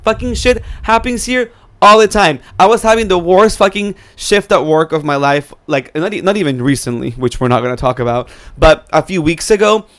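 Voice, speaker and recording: A man co-hosting a podcast in casual chat, talking fast and loose with lots of "like" and swearing as he gives advice. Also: high voice, a bit bright. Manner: chatty, profane, giving advice with lots of "like". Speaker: podcast co-host. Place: New York City.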